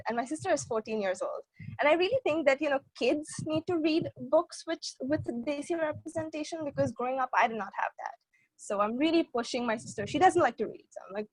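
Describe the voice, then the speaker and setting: A young woman hosting a book interview, talking eagerly like an excited fan and laughing between lines. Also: sits high, a little fast, no room sound, rough recording. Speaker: interviewer, booktube host. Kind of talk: casual interview chat.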